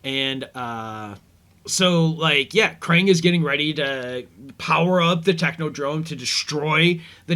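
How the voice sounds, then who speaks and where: Brief: male host, slightly high pitch, loose filler-heavy commentary talk. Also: bright, forceful tone. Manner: rambling, filler-heavy, easygoing. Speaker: podcast host. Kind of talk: casual episode commentary.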